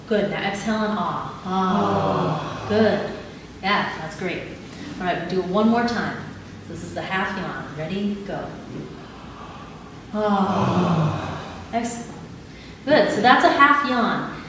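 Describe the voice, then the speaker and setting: A woman leading a live audience through body exercises in a calm, instructive way, laughing easily. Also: medium pitch. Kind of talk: live talk with guided exercises. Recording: echoey hall, mic at a distance, audible background noise.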